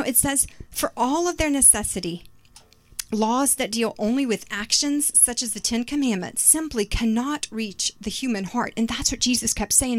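A woman's voice: a little high, dry recording. A middle-aged woman preaching a sermon in a chatty, conversational way, full of "like" and fillers. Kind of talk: sermon with personal story.

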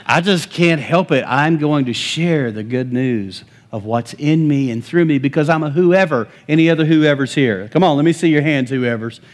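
A man pastor preaching a lively sermon in a church, laughing often and stressing his points with enthusiasm. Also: a little high, moderate pace, hardly any pauses. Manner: animated, laughing, emphatic preaching. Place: church sanctuary.

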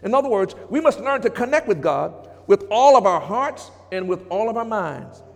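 A man preaching a sermon as pastor, moving from hushed passages to shouts and calling out to the congregation. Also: sits high, big pitch swings, moderate pace, gravelly. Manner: preacherly, swings between hushed and shouted, talks back to congregation. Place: church sanctuary. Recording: long reverb of a church hall.

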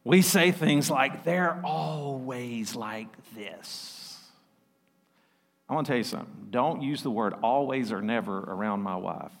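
A man pastor preaching a sermon, lively and laughing often as he mimics voices. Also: mid-range voice, fairly quick, few pauses. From South Arkansas. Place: church sanctuary. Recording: long reverb of a church hall.

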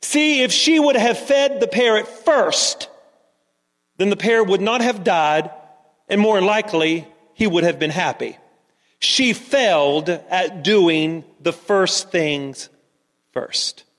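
A man's voice: high voice, takes it slowly, a bit bright, in a large hall. A man preaching a sermon, telling a story and then asking the congregation earnest rhetorical questions. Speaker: pastor.

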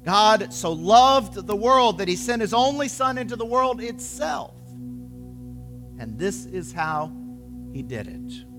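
A man narrating a storybook tale in a gentle, expressive way. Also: sits high, slow. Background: soft music with singing bowl.

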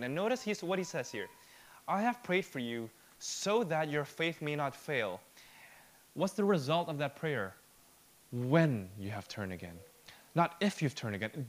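A pastor with a voice on the high side preaches with sincere emphasis. He alternates between a hushed, slow, nearly whispered delivery and a stronger, emphatic one.

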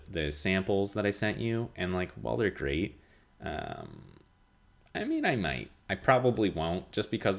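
A man hosting his own podcast, talking casually in a nasal monotone and rambling with lots of fillers and restarts. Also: low-pitched. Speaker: podcast host. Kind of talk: casual solo podcast chat.

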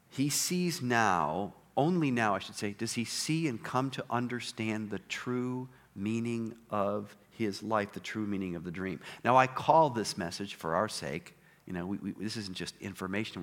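A man preaching a sermon in a conversational way, checking in with "okay?" and reading scripture aloud with more force. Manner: reads scripture louder and higher. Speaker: pastor.

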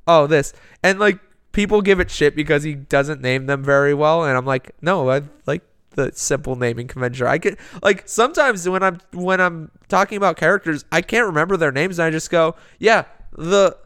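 A man's voice: a little high, a bit bright, clean tone, no echo, studio quality. A man co-hosting a podcast in casual chat, enthusiastic and rambling, swearing freely. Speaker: podcast co-host.

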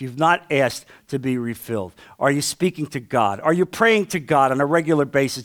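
A male pastor preaching a sermon with passion, asking the congregation questions and swinging from loud to hushed. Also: on the high side.

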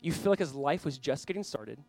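Pastor guy preaching, earnest and chatty, kinda high voice, dry close mic. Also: lively intonation, fairly quick, dry recording. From Southern California. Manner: earnest, conversational, swings from loud reading to quiet prayer; storytelling with self-deprecating asides. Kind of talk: sermon.

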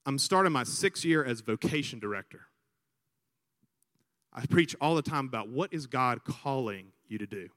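A man from Alabama with a Southern American accent, a priest preaching a sermon and telling stories with lively crowd imitations. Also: medium pitch, normal speed, long reverb tail. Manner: animated storyteller, imitates crowds. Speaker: priest, vocation director. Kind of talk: sermon with storytelling.

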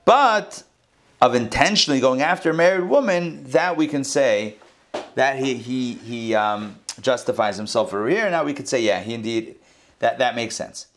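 A man teaching a text-study lesson in a conversational, animated way, acting out the text as he explains it. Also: mid-range voice, moderate pace.

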